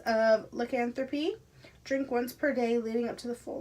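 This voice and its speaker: A woman unboxing a subscription box at home, gushing and excitable, dropping into hushed whispers between bursts of delight. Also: a little high, moderate pace. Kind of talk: casual unboxing vlog.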